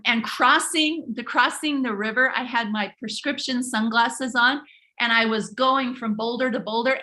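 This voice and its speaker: Bright, high-voiced woman host. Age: middle-aged. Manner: animated, speaks directly to the audience, frequent restarts. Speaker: host of a live online workshop. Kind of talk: live webinar storytelling talk.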